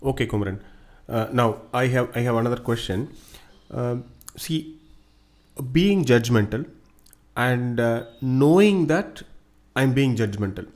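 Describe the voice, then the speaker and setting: A man interviewing, posing a question slowly with many pauses and fillers. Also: medium pitch, expressive, darkish tone. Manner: halting, searching for words. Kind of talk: conversational questioning.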